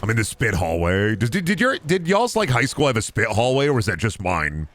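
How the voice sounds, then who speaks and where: A man's voice: mid-range voice, sing-song, brisk, a bit bright, dry recording. A man in his thirties streaming games, chatting casually in a rambling, profane, jokey way and riffing on chat. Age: 30s. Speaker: game streamer.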